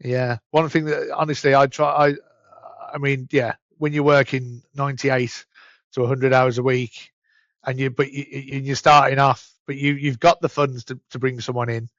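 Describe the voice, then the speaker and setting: A man's voice: mid-range voice, little pitch movement, fairly bright tone, no room sound, dull audio. A man with a Birmingham accent, a podcast guest talking casually with stumbling restarts. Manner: chatty, stumbling restarts, rushed bursts. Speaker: podcast guest, events company director. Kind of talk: casual interview chat.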